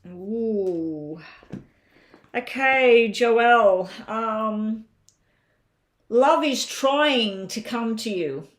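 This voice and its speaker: A woman's voice: a little high, animated, extremely slow, pauses often. A woman with an Australian accent giving a live-stream tarot reading, chatting and thinking aloud as she lays out the cards. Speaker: tarot reader.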